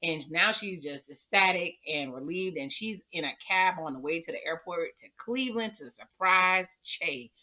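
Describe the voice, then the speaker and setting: A middle-aged woman recapping a TV episode in a sassy, animated way, swearing freely and. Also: fairly low pitch, moderate pace, few pauses. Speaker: show recap vlogger. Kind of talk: casual chatty recap. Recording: tinny phone-like audio.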